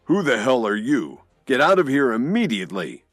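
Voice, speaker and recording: A man voicing an angry hotel owner who shouts fiercely. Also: low voice, big pitch swings, slow pace, no room sound, soft background music, full character voice.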